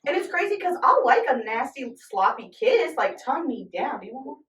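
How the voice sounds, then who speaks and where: A woman's voice: high-pitched, big pitch swings, brisk, fairly bright tone, far from the mic. A young woman co-hosting a podcast, chatting casually and animatedly, laughing and swearing freely. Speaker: podcast co-host. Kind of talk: casual chat. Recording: echoey room, away from the mic.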